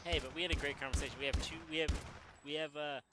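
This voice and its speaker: A man co-hosting a casual comedy chat, laughing a lot and quickly chiming in with jokes. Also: a little high, steady tone, background noise. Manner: laughing, joking, quick to chime in. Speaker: podcast co-host.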